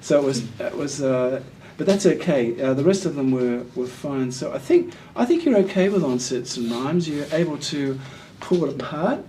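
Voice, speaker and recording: Male tutor, mellow tone, encouraging and patient, mic set back with faint room hum. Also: medium pitch, animated, moderate pace, few pauses. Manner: patient, encouraging, explains step by step. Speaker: literacy tutor giving assessment feedback. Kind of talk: one-on-one feedback session. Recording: voice picked up from a distance with faint room noise.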